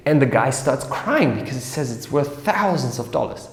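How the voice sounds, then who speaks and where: A man hosting an educational series, explaining ideas in a casual, animated way and acting out little scenes in different voices. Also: a little high, brisk, hardly any pauses. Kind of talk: casual explainer talk to camera. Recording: echoey room with long reverb.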